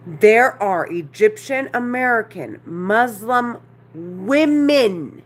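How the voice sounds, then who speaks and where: A distressed woman talking straight to the camera in a monologue, agitated and repetitive, halting often, with a lisp. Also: medium pitch.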